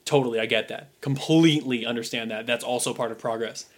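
A young man chats casually as a podcast co-host, wandering from thought to thought with plenty of "like" and "um". His voice sits in an ordinary middle pitch. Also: steady tone, quick pace. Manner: rambling, lots of "like" and "um" fillers. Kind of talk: casual chat.

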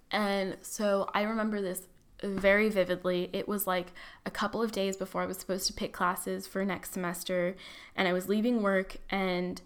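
A woman's voice: mid-range voice, fairly bright tone, clear, resonant tone. A young woman in college telling a personal story in a loose, chatty way. She leans on likes and you-knows and calls herself dramatic with a wry laugh in her voice. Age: young adult. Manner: chatty, filler-heavy, self-deprecating, dramatic. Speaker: college student.

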